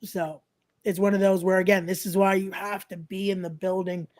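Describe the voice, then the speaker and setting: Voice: mid-range voice, little pitch movement, normal speed, a little mellow. A podcast host from New York, chatting casually, rambling and plugging an upcoming event between laughs. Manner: rambling, promotional, laughs often.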